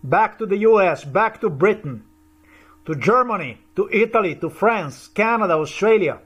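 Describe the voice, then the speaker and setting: A man's voice: high voice, animated, moderate pace, a bit bright, husky, muffled recording. A man ranting profanely and accusingly in a monologue to camera. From Eastern Europe. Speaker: video commentator.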